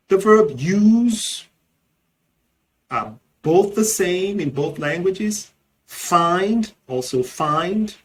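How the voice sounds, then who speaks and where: A man with a Nigerian accent teaching a language lesson, saying each example slowly and repeating words clearly. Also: sits high. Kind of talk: slow, deliberate language lesson.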